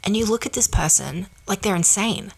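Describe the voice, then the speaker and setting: Gravelly-voiced woman giving blunt pep talk. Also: medium pitch, animated, normal speed. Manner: blunt, emphatic, swears casually. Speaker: podcast host. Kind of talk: motivational monologue.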